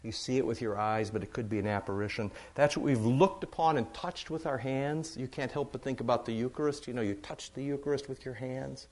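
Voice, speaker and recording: Man, pastor, middle-aged, casual Bible study, chatty, rambling, mid-pitched voice. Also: brisk, hardly any pauses. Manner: chatty, warm-humored, rambling with fillers.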